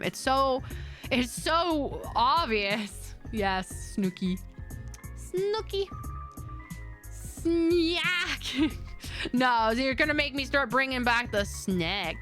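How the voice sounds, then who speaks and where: A woman's voice: on the high side, pushed and bright. Chatty, giggly woman streamer. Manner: rambling, chatty, giggly, reading chat aloud. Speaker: VTuber streamer. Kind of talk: casual chat stream wrap-up.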